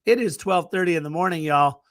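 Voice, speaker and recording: High-pitched guy hyped up on a late-night soccer podcast, chatty and excitable. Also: fairly quick. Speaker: podcast co-host. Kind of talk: casual podcast chat.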